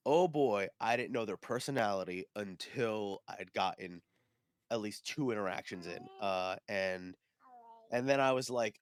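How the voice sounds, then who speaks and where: A man co-hosting a podcast, sniffly, telling stories in a rambling, animated way full of fillers and restarts. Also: lowish voice, unhurried, smooth, no echo. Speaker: podcast co-host. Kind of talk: casual chat.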